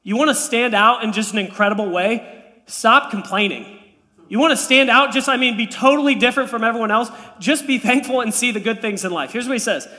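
A man in his thirties preaches to his church with a notably high, bright voice. He tells family stories and adds playful, animated asides. His voice rings out with the long reverb of a large church hall. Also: a little fast. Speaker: pastor. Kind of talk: sermon. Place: church sanctuary.

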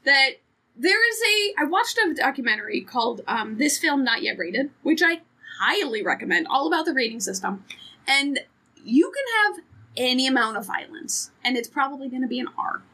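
A woman's voice: high voice, sing-song, moderate pace, sharp tone, breathy edge. A woman co-hosting a podcast in casual chat, frank, profane and joking. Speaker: podcast co-host.

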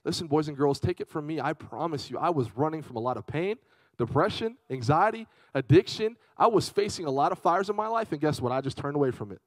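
Animated young male youth preacher. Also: on the high side, quick pace, dry recording, rough recording. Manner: animated storytelling, swings from loud to hushed. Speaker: youth pastor. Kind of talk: energetic youth sermon.

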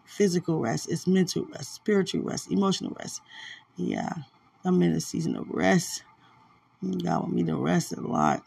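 A woman hosting a podcast, chatting casually and tenderly about faith while sounding sleepy, soft-spoken and given to small laughs. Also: lowish voice, vocal fry, husky, no echo. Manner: soft, drowsy and affectionate, with frequent laughs. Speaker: podcast host. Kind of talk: casual faith-filled chat.

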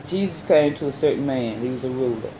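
A man preaching a sermon, reading scripture haltingly and then explaining it in plain, folksy words. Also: mid-range voice, background noise.

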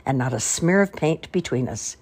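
A woman's voice: a bass voice, expressive, a little mellow, husky, heavily acted. Grandmother as a stern, bossy mother elephant. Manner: brisk, firm and stern.

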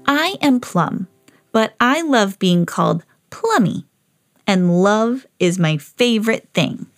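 A woman's voice: mid-range voice, takes it slowly, soft background music. A woman reading a children's storybook aloud as a lovable, eager female pet dog. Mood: earnest. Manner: earnest storybook reading, rising excitedly.

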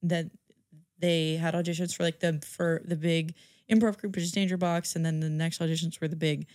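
A woman's voice: on the low side, level tone, fairly quick, darkish tone, no room sound, clean studio sound. A woman in her twenties, a podcast guest chatting casually about college, who fills her talk with "like" and laughs often. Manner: laughs often, says "like" a lot. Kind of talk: casual chat.

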